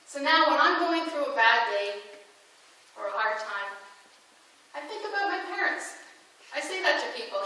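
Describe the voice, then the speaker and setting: A woman speaks to an audience with a high, sharp voice, telling her story conversationally and firing off rhetorical questions. The mic sits at a distance in a very echoey hall with faint noise underneath. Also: animated, normal speed, long pauses. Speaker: inspirational speaker. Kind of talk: storytelling keynote speech. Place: large hall before an audience.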